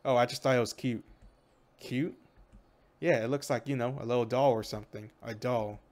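A man voicing a young woman mercenary who is shy and defensive, reading her lines quickly in his own voice. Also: mid-range voice, fairly even intonation, a little mellow, natural voice.

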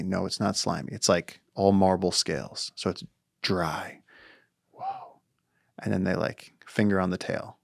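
A man in his thirties, a podcast guest, telling stories in casual chat, animated and acting out what people say, with casual swearing. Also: sits low, moderate pace, gravelly, no echo, clean studio sound. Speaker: podcast guest, wildlife conservationist.

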